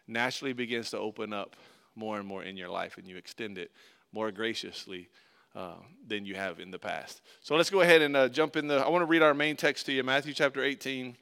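A pastor preaches a sermon, reading scripture and earnestly explaining it, growing loud during the story and dropping soft on key points. His voice is mid-range, brisk, and smooth.

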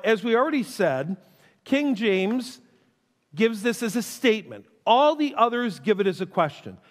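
Man, high voice, pastor, conversational sermon, long church-hall reverb. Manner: conversational, drawn-out emphasis, teasing. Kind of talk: sermon with audience questions. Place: church sanctuary.

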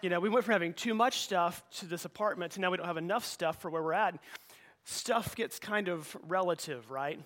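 A man's voice: high voice, brisk, fairly bright tone. A middle-aged male pastor preaching a sermon in a church, in a conversational way with frequent repeated words and restarts. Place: church sanctuary.

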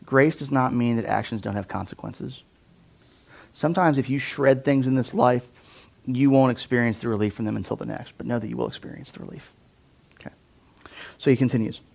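A man's voice: mid-range voice, brisk, creaky, pauses often. A man preaching a casual sermon, talking conversationally with many fillers and questions to the audience. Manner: animated, conversational, lots of "like", asks the audience questions. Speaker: pastor.

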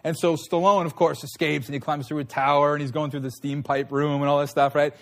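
A man's voice: fairly high pitch, level tone, fairly quick. A man preaching a sermon in a conversational way, often checking in with his listeners. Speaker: pastor.

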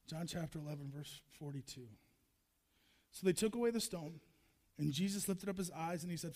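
A man preaching a sermon, emphatic, driving points home with repeated refrains and building to loud passages. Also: on the high side, a little fast.

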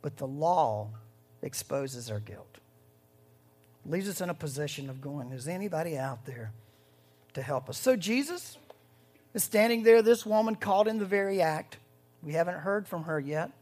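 A pastor giving a conversational sermon, swinging between loud, rising bursts and hushed moments. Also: medium pitch, unhurried, pauses often.

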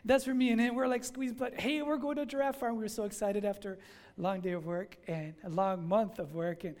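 A male pastor preaching a sermon, telling a story in an animated, conversational way. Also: sits high, fairly quick. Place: church in Miami.

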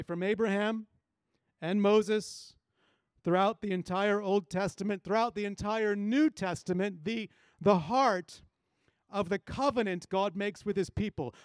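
High-voiced preaching pastor, dry sound. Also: male voice, smooth, no room sound. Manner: expressive preaching, acts out quoted lines with shifts in pitch and pace. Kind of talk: sermon.

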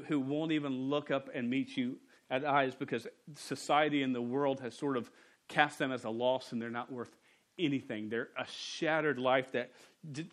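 A man, a pastor preaching a sermon in a church and telling stories in a relaxed, humorous way. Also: medium pitch. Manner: conversational, humorous storytelling. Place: church sanctuary.

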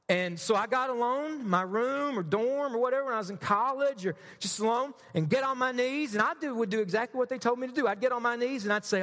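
A man's voice: very high voice, quick pace, hardly any pauses, a bit bright, in a large hall. A man preaching a sermon as a pastor, addressing the congregation directly and with self-deprecating humor.

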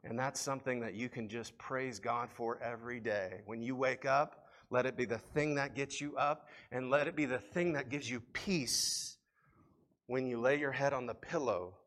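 A man preaching a sermon to a congregation, swinging between loud appeals and quiet reflection. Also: mid-range voice, normal speed. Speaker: pastor.

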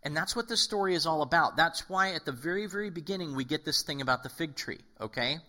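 A man's voice: a little high, fast talker. A male pastor giving a casual, conversational sermon, acting out quotes and often checking in with "okay?". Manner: animated, acts out quoted voices, frequent "okay?".

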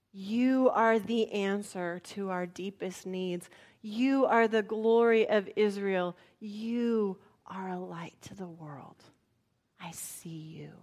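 A woman voicing an old devout man, in a hushed, slow, reverent whispered role-play. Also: mid-range voice, pitched below the performer's own voice.

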